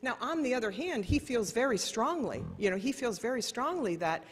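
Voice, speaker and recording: A woman's voice: a little high, sing-song, brisk, breathy edge. A middle-aged woman giving a conference keynote, telling personal stories in an earnest, self-correcting way. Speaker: keynote speaker. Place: large conference hall. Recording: long reverb of a conference hall.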